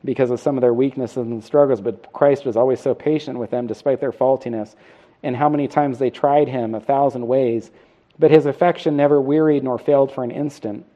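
A man's voice: medium pitch, steady tone, brisk, mellow, highs cut off. A middle-aged man preaching a sermon, earnest and self-deprecating, putting questions to the congregation. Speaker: pastor.

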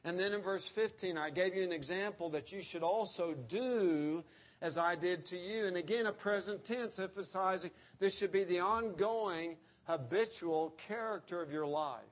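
A man preaching an expository sermon, slowing down to quote scripture and stressing key words. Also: sits high. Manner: emphatic, slows down to quote scripture. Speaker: pastor.

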